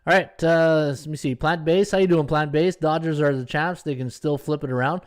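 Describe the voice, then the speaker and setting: A man's voice: a little high, fairly even intonation, moderate pace, no room sound. A man hosting a sports betting podcast, chatting casually and greeting viewers by name between picks. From Canada. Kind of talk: casual live-stream chat.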